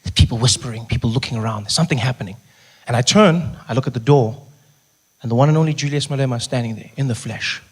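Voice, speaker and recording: A man with a South African accent doing stand-up storytelling, animated, rushing through bursts of nervous self-talk. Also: medium pitch, breathy edge. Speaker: stand-up comedian. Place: stage before a live audience. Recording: noisy live stage recording.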